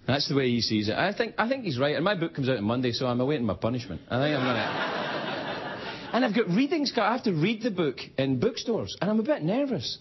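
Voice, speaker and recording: Speaking fairly quickly in a fairly high, sing-song voice, a male late-night host runs through a comedic stand-up monologue and performs voices for the quotes. The dull broadcast recording from the TV studio is noisy, with a loud live audience laughing throughout.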